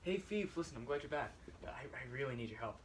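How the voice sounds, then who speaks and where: A man's voice: mid-range voice, expressive, fast talker, distant mic, a little hiss or hum, close to an everyday voice. A young man playing a clueless, overconfident boy who mangles French in a school comedy skit, stammering and goofy. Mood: pleading.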